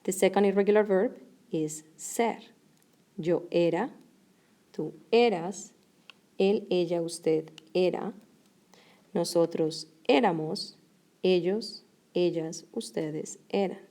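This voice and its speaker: Warm-toned woman teaching a grammar lesson. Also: lowish voice. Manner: clear, measured explanation with slow deliberate examples. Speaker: Spanish teacher.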